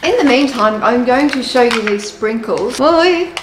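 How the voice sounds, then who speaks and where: A young woman with a slightly high voice, chatting through a snack taste test. She is bubbly and gushing, and now and then her voice jumps into excited squeals. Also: normal speed, background noise. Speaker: food taste-test vlogger. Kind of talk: casual taste-test vlog chat.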